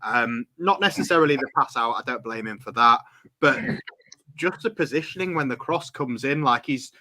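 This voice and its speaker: A man's voice: medium pitch, animated, moderate pace, sharp tone, slight background noise. A man hosting a casual football chat on a call, swearing freely and laughing often. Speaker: host.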